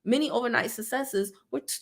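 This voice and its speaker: A candid woman in her thirties hosts a casual livestream and chats straight to her viewers. Her voice sits a little high, and she laughs easily as she talks. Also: a little fast, creaky. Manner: candid, animated, laughs often. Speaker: online business coach and livestream host. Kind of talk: casual livestream chat reading viewer comments.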